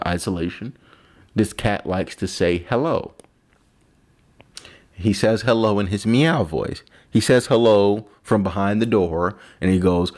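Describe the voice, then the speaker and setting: Slow, lively-pitched rambling man. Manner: rambling, profane, self-mocking. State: drinking alcohol. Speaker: vlogger and comedian. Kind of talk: rambling monologue.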